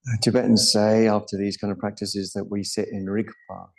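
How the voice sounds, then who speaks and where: A middle-aged man teaching a live yoga class, explaining breath and chanting practice in a calm, instructive way, with Sanskrit terms along the way. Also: on the low side, normal speed, vocal fry.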